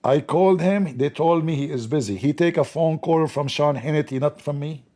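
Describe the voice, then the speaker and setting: A man's voice: a little high, moderate pace, warm tone. A man hosting a live stream, joking sarcastically with mock outrage as he comments on the news.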